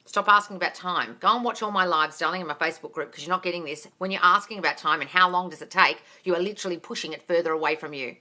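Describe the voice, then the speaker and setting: A woman hosting a live Q&A, her voice bright and forward. She reads viewers' comments aloud and answers in a blunt, no-nonsense way, swearing casually. She calls her viewers darling and guys. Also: lowish voice, quick pace, hardly any pauses. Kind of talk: live-stream Q&A reading out comments.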